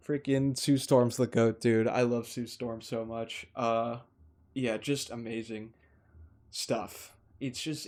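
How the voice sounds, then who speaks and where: An enthusiastic man talks through a film in a loose, unscripted way, tripping over his words and circling back as his excitement builds. His voice sits at an ordinary middle pitch, and he sounds like a casual vlogger chatting from a room at home. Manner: excitable, gushing, rambles with restarts and mild swearing substitutes. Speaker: movie reviewer. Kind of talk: casual rambling review. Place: indoors, warm room.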